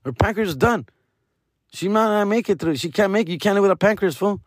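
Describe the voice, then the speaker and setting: A man's voice: high-pitched, expressive, fast talker, no room sound, studio quality, voice pushed up. A man acting out a blunt male doctor who gives grim news in a casual, slangy, matter-of-fact way.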